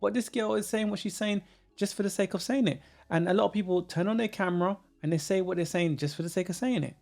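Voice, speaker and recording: Gravelly man co-hosting a podcast. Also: sits high, fast, darkish tone. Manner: emphatic, repeats himself, frequent agreeing hums. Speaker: podcast co-host. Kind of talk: casual opinion podcast chat.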